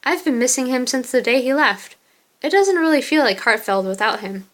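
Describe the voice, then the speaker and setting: A woman voicing a heartbroken young male college student, earnest and soft-spoken, in a fan reading of a story game. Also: high-pitched, lively intonation, normal speed. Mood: wistful.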